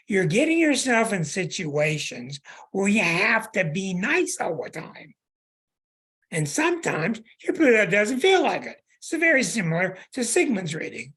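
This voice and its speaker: Husky, emphatic male astrologer host. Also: sits high, a bit bright. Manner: emphatic, repetitive, plain-spoken. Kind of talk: call-in astrology chart reading.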